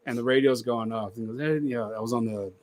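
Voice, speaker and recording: A man's voice: medium pitch, level tone, fast talker. A middle-aged man telling a story in casual chat, acting out quoted voices and laughing often.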